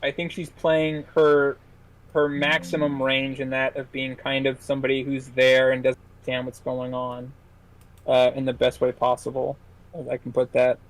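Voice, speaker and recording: A man co-hosting a film podcast, reviewing a movie in casual chat with many halting restarts and fillers. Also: medium pitch, completely flat delivery, rough recording. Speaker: podcast co-host, film critic.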